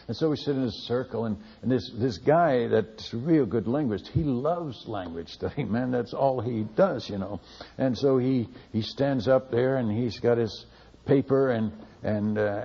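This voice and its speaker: A man, a missionary, tells a lively testimony story, laughing and repeating words as he goes. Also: medium pitch, husky, long reverb tail. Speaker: missionary speaker. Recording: dull lo-fi recording.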